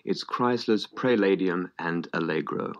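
Deep-voiced man, articulate guest. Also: measured pace. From Australia. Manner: articulate, warm enthusing, stresses words like wonderful and glorious. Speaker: actor and singer, guest. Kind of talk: radio interview. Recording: dull lo-fi radio broadcast.

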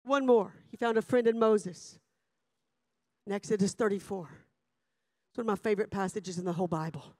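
A woman preacher, delivering a revival sermon that swings between shouted passages and hushed asides. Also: medium pitch, fairly quick, long pauses, dry recording, clean studio sound.

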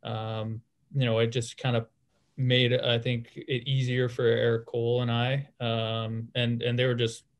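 A man in his thirties talks through his answers casually, piling up fillers and restarting his sentences. His pitch barely moves, giving a flat, level delivery that stays calm throughout. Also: unhurried. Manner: relaxed, many fillers and restarts. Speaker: guest, former hockey player.

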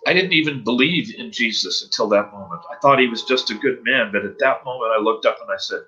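A man's voice: mid-range voice, lively intonation, quick pace, bright, forceful tone, muffled recording. A man as an interview guest, telling a personal story of faith in an earnest, emotional way.

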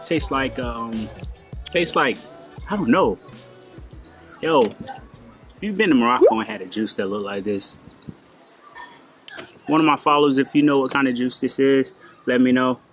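A man's voice: medium pitch, expressive, measured pace, long pauses, faint music behind. An American man from North Carolina, casually vlogging a trip by the ocean and talking to viewers in a laid-back, chatty way. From North Carolina, USA. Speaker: travel vlogger. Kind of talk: casual travel vlog. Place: outdoors by the ocean and in a cafe.

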